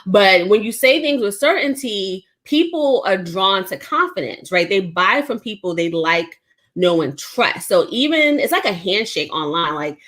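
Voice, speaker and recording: A woman's voice: mid-range voice, expressive, a little slow, fairly bright tone. A woman from the Bronx, a business coach, talking emphatically in an online workshop, laughing often and tagging lines with "right?". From the Bronx, New York. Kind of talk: energetic online workshop chat.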